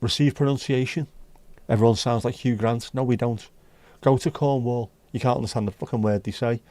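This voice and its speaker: Man, casual livestream chat, blunt and chatty, mid pitch, dry close sound. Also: steady tone, a little fast, warm tone, dry recording. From North West England. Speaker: livestream host.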